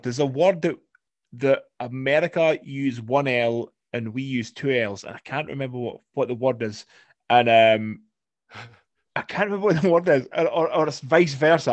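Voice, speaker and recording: A man's voice: mid-range voice, dry recording. A man hosting a podcast, telling rambling stories, swearing and laughing. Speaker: podcast host. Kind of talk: casual podcast chat.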